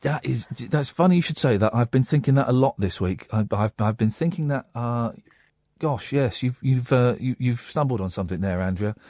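A man's voice: mid-range voice, normal speed, no echo, clean studio sound. A man hosting a radio phone-in, chatting casually and restarting his sentences often. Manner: animated, self-deprecating, stammers and restarts. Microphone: studio microphone.

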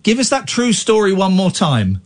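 Give me a playful male radio host with a high, bouncy voice teasing callers in a studio. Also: wildly swooping pitch, normal speed. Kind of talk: late-night phone-in radio.

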